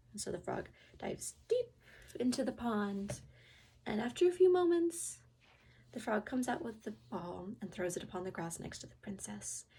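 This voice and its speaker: Husky-voiced woman telling a fairy tale. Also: mid-range voice, moderate pace. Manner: expressive, lively reading with whispered sound effects. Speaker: student storyteller.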